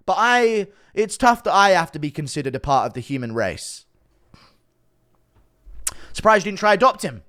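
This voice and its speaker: Animated, sarcastic male commentator. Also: a little high. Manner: defensive, sarcastic, swears a lot. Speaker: online commentator. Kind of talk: casual rant to camera.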